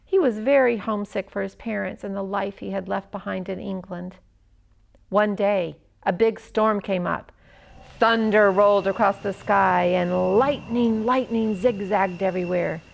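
A woman narrating a children's story expressively, with dramatic pauses. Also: medium pitch, creaky.

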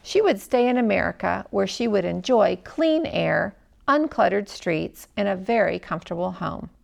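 Woman narrator for a storybook, dramatic delivery, gravelly fry. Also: medium pitch, expressive, moderate pace. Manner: dramatic, hushed at tense moments.

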